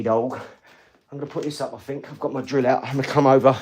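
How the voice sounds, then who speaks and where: A man hosting a live stream from his garage, chatting to viewers in a loose, hyped, slangy way. His voice sits at an everyday middle pitch, with a faint hiss of noise behind it. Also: steady tone, fast talker, a little mellow. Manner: hyped, slangy, calls viewers "dog" and "mate". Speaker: livestream host. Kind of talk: casual live-stream chat. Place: home garage.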